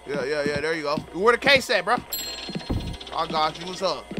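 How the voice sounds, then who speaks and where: A young man doing comedic game commentary, loudly roasting the characters in slang. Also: fairly high pitch, animated, moderate pace, music in the background. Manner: loud trash-talking, roasting characters in slang. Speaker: gaming streamer.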